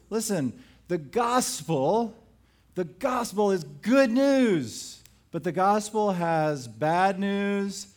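A man's voice: on the high side, a little mellow. A man preaching a sermon as pastor, telling stories with acted-out quotes and pressing his points with emphasis.

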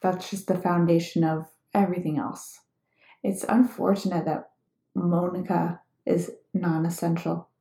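Female co-host, thirties, calm and agreeable, lowish warm voice, roomy home recording. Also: a little slow, vocal fry. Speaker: podcast co-host. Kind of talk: casual chat with spouse. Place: room at home.

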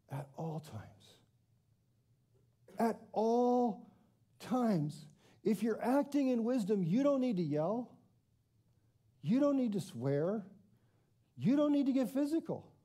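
A man delivering a conversational sermon, his voice very dark and mellow. His pitch rises and falls a great deal as he talks. He keeps turning questions back on the congregation. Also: very animated, normal speed, long pauses. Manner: conversational, self-deprecating, asks the congregation questions. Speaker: pastor.

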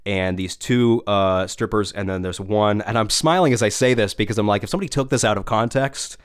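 A man's voice: lowish voice, a little fast, clean tone. A man telling a long comic story from his radio days in casual podcast chat, rambling with asides and swearing.

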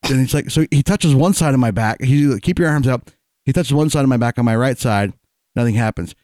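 A man's voice: medium pitch, brisk, darkish tone, no room sound. A man co-hosting a podcast, telling stories in a casual, profane way and laughing often. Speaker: podcast co-host. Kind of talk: casual chat.

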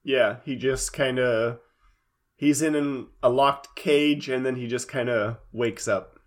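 A man's voice: medium pitch, fairly even intonation, takes it slowly. Man trading dry jokes in casual chat. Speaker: podcast co-host. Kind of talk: casual chat recapping an anime episode.

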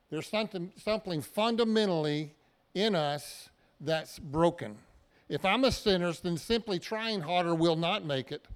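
A man's voice: high voice, clean tone. A man preaching a sermon in a church, talking to the congregation in a plain, conversational way with everyday examples. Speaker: pastor.

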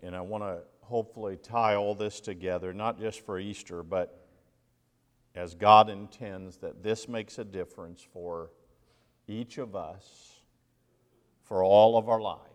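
A male minister delivers a sermon in a church sanctuary, his voice sitting on the low side. He reads scripture aloud with dramatic pauses and emphasis. A long reverb from the large hall trails after each phrase. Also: fairly even intonation. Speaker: interim lead minister.

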